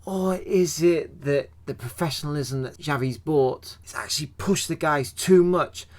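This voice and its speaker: A young man talks through a football match in a relaxed, chatty way, often posing questions and answering them himself. His voice sits a little on the high side, and he pokes gentle fun at himself as he goes. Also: unhurried. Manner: chatty, self-deprecating, asks himself questions. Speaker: football fan channel host. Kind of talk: casual match review.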